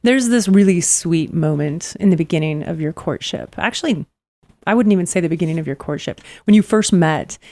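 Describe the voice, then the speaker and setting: A woman interviewing an author, chatty and animated, often laughing along. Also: lowish voice, a little fast. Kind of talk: casual interview conversation.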